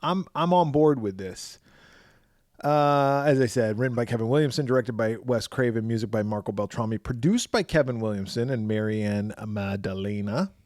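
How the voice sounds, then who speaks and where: A man's voice: mid-range voice, moderate pace, a little mellow, dry recording, clean studio sound. A man co-hosting a casual horror podcast, joking and laughing often as he runs through a film's cast list. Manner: joking, reads cast lists with asides. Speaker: podcast co-host. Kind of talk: casual chat.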